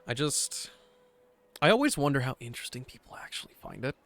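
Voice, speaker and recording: A man's voice: medium pitch, big pitch swings, fairly quick, creaky, a bit bright, no room sound. A man streaming a game and chatting casually, a rambling, self-deprecating overthinker. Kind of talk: casual gaming stream chat.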